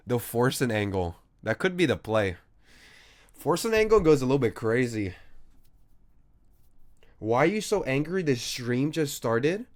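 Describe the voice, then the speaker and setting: A man's voice: mid-range voice, very animated, slow, pauses often. A man streaming a game, chatting casually with a sarcastic, teasing manner and frequent swearing. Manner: sarcastic, teasing, mock-arguing with chat.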